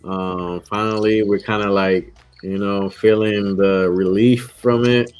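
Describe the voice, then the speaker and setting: A man's voice: lowish voice, steady tone, a little slow, a little mellow, slight background noise. A man co-hosting a casual podcast, talking loosely and repeating his words as he goes. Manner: rambling, repeats himself. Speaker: podcast co-host. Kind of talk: casual chat.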